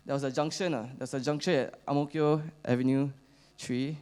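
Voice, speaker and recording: Young Singaporean man, mid-pitched, casual rambling church talk full of fillers. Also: steady tone, a little mellow, clean tone. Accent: Singaporean English. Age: young adult. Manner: halting, many fillers, chatty with slang particles. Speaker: youth speaker at church. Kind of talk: casual storytelling sermon.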